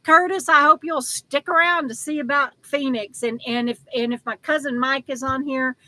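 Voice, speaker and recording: Older woman, live-stream host, chatty and affectionate, high bright voice, halting delivery. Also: fairly even intonation, poor audio. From Texas. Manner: chatty, affectionate, laughs often, halting with fillers and restarts. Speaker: livestream host. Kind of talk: casual live-stream chat reading comments.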